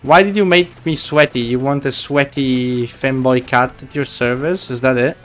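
A man's voice: medium pitch, normal speed, fairly bright tone, faint music behind. A man streaming a game live, chatting casually and teasing his viewers in a playful way.

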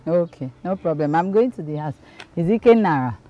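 A woman's voice: on the low side, animated, fairly quick, muffled recording, close to an everyday voice. An actress with a Nigerian accent playing an anxious young woman asking about a man.

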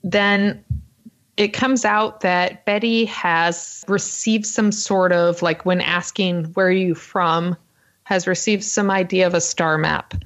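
A woman co-hosting a podcast, recounting a story in a casual, fast, filler-heavy way. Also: on the low side, fairly even intonation, fairly bright tone, muffled recording. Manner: fast-talking, lots of ums and uhs. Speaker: podcast co-host.

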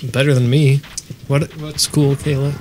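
A man joking with friends in casual banter, spinning deadpan tall tales. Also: medium pitch, moderate pace, slight background noise. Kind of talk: casual banter between players.

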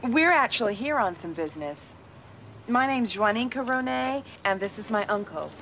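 A brash, teasing niece. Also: female voice, on the high side, expressive, normal speed, fairly bright tone. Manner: teasing, forthright. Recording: noisy old TV audio.

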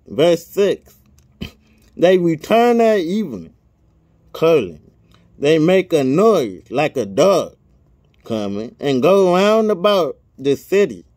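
A man's voice: on the high side, a little mellow, no room sound, clean studio sound. A man reading scripture aloud verse by verse, speaking every punctuation mark and adding casual asides. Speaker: scripture reader.

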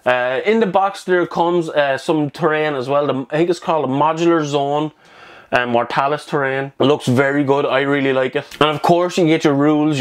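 A man hosting a casual hobby news video, talking in a chatty, rambling way with fillers and restarts, a little out of breath. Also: on the high side.

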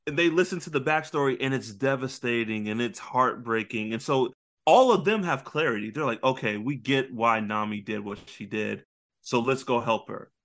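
A man co-hosting a casual pop-culture podcast, retelling anime scenes with lively storytelling and acted-out character lines. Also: mid-range voice, moderate pace. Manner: animated storytelling, acting out characters with big voice jumps. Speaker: podcast co-host.

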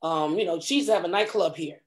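A middle-aged woman, a comedic actress, telling stories in a casual interview and acting out quotes with lively voice jumps. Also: lowish voice, fast talker. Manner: animated, acts out quotes with big voice jumps.

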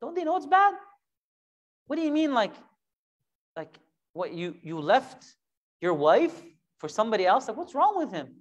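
A man teaching a Quran lesson, animated and full of rhetorical questions, now and then acting out imagined voices. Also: high-pitched, normal speed.

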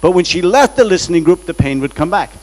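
A man's voice: high voice, lively intonation, quick pace, darkish tone, low-quality recording. A man preaching as a guest in church, telling a story dramatically and acting out the voices he quotes. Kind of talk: storytelling sermon. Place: church sanctuary.

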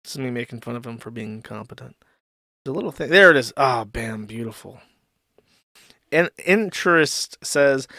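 A man's voice: mid-range voice, animated, normal speed, sharp tone, dry recording, clean studio sound. A man hosting a casual commentary stream, reading posts aloud with sarcastic mockery. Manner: sarcastic, mocking, reads posts aloud in exaggerated voices. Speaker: streamer host.

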